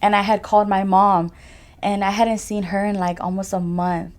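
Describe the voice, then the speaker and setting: A woman's voice: medium pitch, level tone, moderate pace. A young woman giving a personal testimony as a podcast guest, talking casually with frequent "like" and "you know" fillers. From California.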